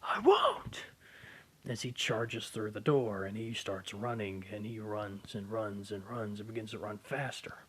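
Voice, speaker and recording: A hoarse man with a sore throat casually narrating a fan story in a rambling, loose way. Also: on the low side, fairly even intonation, normal speed, few pauses, a little hiss or hum.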